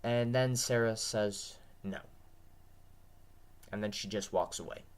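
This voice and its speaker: A man's voice: lowish voice, slow pace, clear, resonant tone. A tired man with a dry throat, talking to his viewers in an earnest, repetitive, rambling monologue. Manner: repetitive, earnest, restarts often. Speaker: vlogger.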